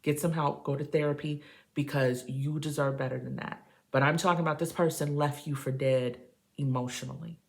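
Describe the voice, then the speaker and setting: A woman with a deep voice and a gravelly edge gives a tarot reading to camera. She speaks emphatically to the listener, like a preacher. She stays casual throughout, calling people baby and y'all. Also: fairly even intonation, brisk, a little mellow. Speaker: tarot reader.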